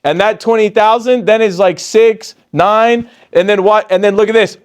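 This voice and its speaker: In an upbeat sales training session, a forties-aged man motivates his audience, rising in pitch with excitement and going low when quoting people. His delivery is smooth and at normal speed, with hardly any pauses.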